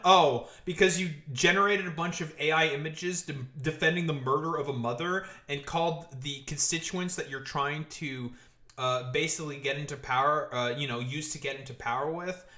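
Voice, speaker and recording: Laughing, mocking streamer man, bright voice. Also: fairly high pitch, roomy sound. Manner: mocking, profane, laughs a lot. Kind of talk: live stream commentary.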